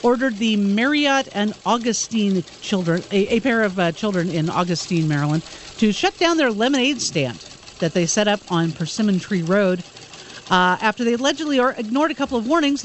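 A woman's voice: medium pitch, expressive, normal speed, a little hiss or hum. Woman reading news with casual hesitations. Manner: reads stories with hesitant fillers. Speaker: entertainment news reader.

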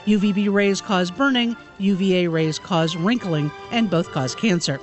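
A woman's voice: lowish voice, normal speed, faint music behind. A woman co-hosting a radio talk show, joining the banter and reading a news segment. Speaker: radio co-host and news reader.

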